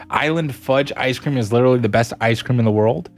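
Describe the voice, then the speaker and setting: A young adult man streams and casually responds to viewer messages, animated and giggling a lot. His mid-range voice moves at a measured pace with long pauses, and faint music plays behind him.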